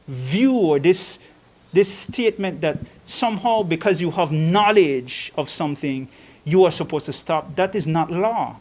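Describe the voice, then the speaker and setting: Emphatic high-voiced male attorney. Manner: emphatic, deliberate legal argument. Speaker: union attorney. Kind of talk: press statement.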